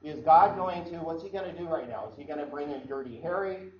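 A man's voice: on the high side, a little fast, a crowd in the background. A man from Iowa preaching a sermon in a conversational way, often repeating and restarting his phrases. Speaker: pastor. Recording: echoey room, dull sound, faint background noise.

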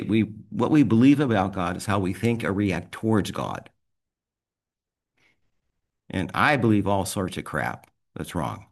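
A man leading a small men's group, giving a rambling, conversational devotional talk and praying, laughing often. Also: fairly low pitch. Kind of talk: informal devotional talk and prayer. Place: small private group meeting.

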